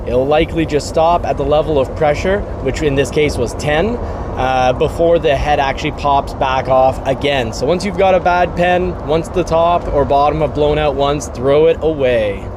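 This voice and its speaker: A man hosting his car channel, talking casually and practically, joking now and then. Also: fairly high pitch. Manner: chatty, practical, joking asides. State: out of breath after shoveling. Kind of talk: casual outdoor vlog narration. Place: outdoors at a beach by a vehicle. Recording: noisy outdoor recording.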